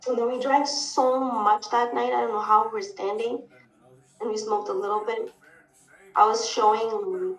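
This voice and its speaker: A woman's voice: a little high, steady tone, normal speed. Woman chatting in an echoey room. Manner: chatty storyteller, laughs often. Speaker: friend on a gaming call. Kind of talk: casual chat. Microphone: voice call.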